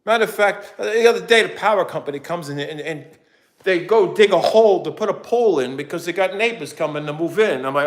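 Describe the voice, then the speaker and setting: Man, high voice, middle-aged, casual vlog rant, rambling and animated. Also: fairly quick. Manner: animated, rambling, acts out quotes. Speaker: vlogger. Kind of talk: casual ranting storytime.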